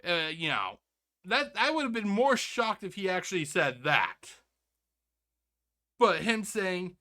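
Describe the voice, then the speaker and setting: A man's voice: high-pitched, sing-song, slow pace, long pauses. Sarcastic rambling male commentator. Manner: sarcastic and rambling, many restarts; addresses viewers as ladies and gentlemen. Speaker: reaction channel host. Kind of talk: casual commentary.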